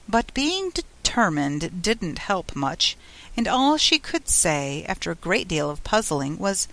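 Lively woman reading a storybook. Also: on the low side, measured pace. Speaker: audiobook narrator. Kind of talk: storybook narration.

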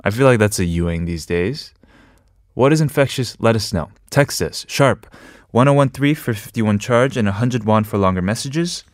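A man with a low voice hosts a radio show from a dry studio. He reads through a prepared piece, then slips into loose, joking chat with listeners. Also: lively intonation, normal speed, dry recording. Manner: chatty, jokes and laughs between scripted reading. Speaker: radio host. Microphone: studio microphone.

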